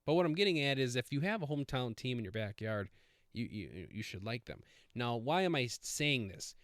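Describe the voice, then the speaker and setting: A man's voice: medium pitch, very animated, fairly quick, fairly bright tone, no room sound, studio quality. A man hosting a casual solo podcast, rambling with many fillers and self-corrections. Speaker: podcast host.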